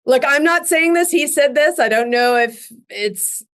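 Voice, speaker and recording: A middle-aged woman, a guest on a podcast, telling stories from her acting career in an animated way, laughing often and restarting her sentences. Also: high voice, unhurried. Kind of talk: casual interview storytelling.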